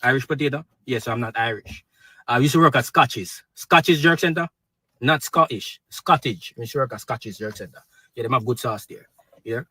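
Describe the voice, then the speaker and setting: Joking man with a bright voice. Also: mid-range voice, brisk, breathy edge, no echo. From Jamaica. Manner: playful, joking, teasing. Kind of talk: comic social media skit.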